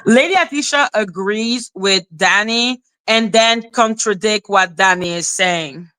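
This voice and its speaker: A woman's voice: mid-range voice, measured pace, sharp tone, clean tone. A woman giving casual reaction commentary as a YouTuber, blunt and profane as she talks back at clips.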